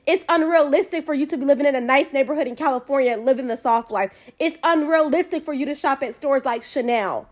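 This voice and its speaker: A woman with a Southern American drawl ranting to camera in an emphatic, repetitive way, full of ums and restarts. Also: high-pitched. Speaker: commentary vlogger. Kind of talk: casual rant to camera.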